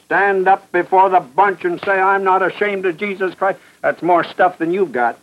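A man with a high voice preaches with fierce emphasis, driving each point home through repetition and pointed questions. The sound is muffled and dull, like an old radio broadcast. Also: normal speed, a little hiss or hum. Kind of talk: fervent radio sermon.

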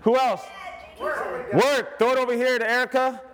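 A man's voice: extremely high pitch, normal speed. A man leading an interactive sermon activity, joking and calling out to the crowd. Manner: lively, joking, calls out to the crowd. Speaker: church speaker leading a group activity.

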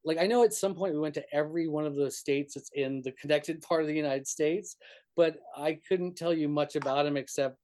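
Laid back musician dude from new mexico telling road stories, kinda high pitched, keeps restarting and laughing. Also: male voice, a little fast, darkish tone. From northern New Mexico. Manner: rambling, heavy on "like" and restarts, laughs often. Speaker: touring musician guest. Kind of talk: casual storytelling interview.

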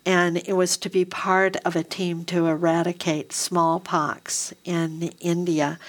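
A woman hosting a radio interview, asking her questions in a measured way and laughing along with her guest. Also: medium pitch. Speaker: radio host.

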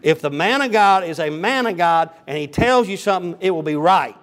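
A man's voice: high-pitched, animated, fairly quick. A man, preaching a folksy sermon as a pastor, reading scripture and rambling into humorous down-home stories. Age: 50s.

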